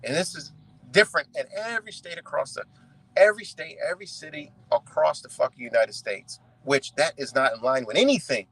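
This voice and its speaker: A young man from ranting in commentary, profane and animated, often asking "right?". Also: fairly high pitch, a little fast, creaky, breathy edge, rough recording. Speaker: commentary streamer.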